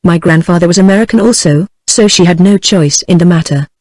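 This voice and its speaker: A woman's voice: lowish voice, fairly quick, no room sound, studio quality, lightly acted. A British-accented text-to-speech woman's voice reading the lines of an earnest, solemn young man in love, with no change of voice. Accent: British English. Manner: flat synthetic delivery, no voice change.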